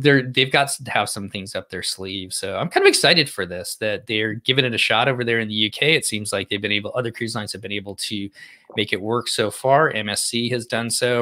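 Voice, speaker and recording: A man's voice: lowish voice, bright, forceful tone. A man co-hosting a podcast, chatting casually through cruise news with fillers and restarts. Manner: conversational, frequent fillers and restarts. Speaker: podcast co-host.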